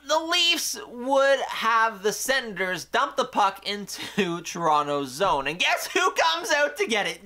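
A young man recapping a hockey game on his own channel, talking in an animated way that swings from excited outbursts to quiet asides. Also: high voice, measured pace. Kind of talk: solo game recap commentary.

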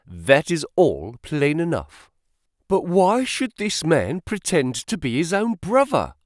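A man voicing a sharp male detective who reasons aloud in an audiobook reading. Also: fairly high pitch, wildly swooping pitch, slow, dry recording, studio quality, voice pushed up, exaggerated voice. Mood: explaining.

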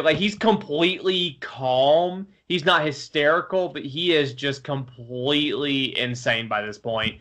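A man's voice: mid-range voice, measured pace, hardly any pauses, a bit bright. A man co-hosting a podcast, giving his opinions in a blunt, offhand way. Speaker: podcast co-host. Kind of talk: casual podcast chat.

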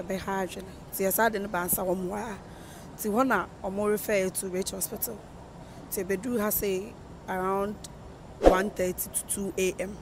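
Soft-spoken speaker on a noisy street. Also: mid-range voice. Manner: halting, soft-spoken, mixing in English terms. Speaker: family member of the deceased, interviewee. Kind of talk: recounting events to a reporter. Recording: outdoor street noise with passing vehicles.

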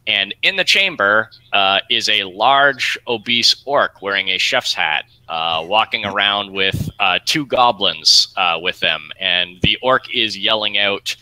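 A man narrating a tabletop game as game master, describing scenes in a halting way with many fillers. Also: fairly low pitch, animated, pushed and bright, dry recording, low-quality recording.

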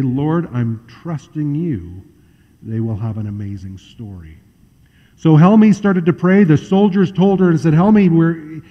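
A male pastor telling a story in a sermon, acting out the voices of its people with shifting loudness and pace. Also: a little high. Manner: acts out quoted voices, varies loudness and pace freely. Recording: muffled hall recording with long reverb.

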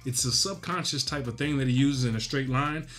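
A man's voice: medium pitch, brisk, fairly bright tone, faint music behind. A man coaching new agents in a casual teaching tone. He talks directly and emphatically, and he keeps checking in with the listener as he goes. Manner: direct, emphatic, frequent "right?" tag questions. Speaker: real estate coaching host. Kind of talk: casual instructional talk.

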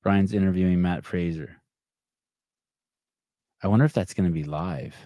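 A man's voice: deep voice, normal speed, mellow, no room sound, studio quality. A man hosting a podcast in casual chat, rambling and swearing often, with many restarts. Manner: rambling and profane, with frequent restarts. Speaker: podcast host.

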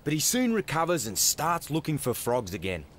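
Excitable Australian man in the field. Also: fairly high pitch. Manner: excitable and animated, quick exclamations. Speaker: wildlife documentary presenter. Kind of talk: on-location wildlife presenting. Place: outdoors in the bush. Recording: noisy outdoor field recording.

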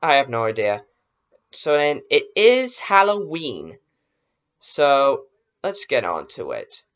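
Man, slow-talking reaction host, lively swooping pitch, jumpy exclamations, dull lo-fi recording. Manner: jumpy, exclaiming, talks himself into being brave. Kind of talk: casual reaction commentary.

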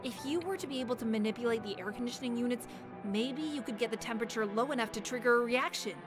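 A woman voicing a calm game scientist. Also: a little high, quick pace, music in the background, close to an everyday voice. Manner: calm, explanatory.

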